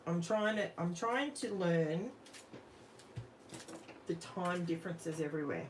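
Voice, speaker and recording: An Australian woman hosts a casual crafting livestream, chatting to her viewers while she works. Her voice is somewhat low and her pace slow, and the low-quality recording has a faint background hum.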